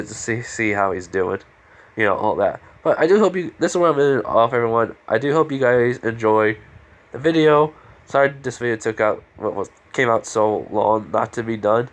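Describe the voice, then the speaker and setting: A young man in his late teens with a stuffy nose, casually narrating a fan story in a rambling way with lots of fillers. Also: medium pitch.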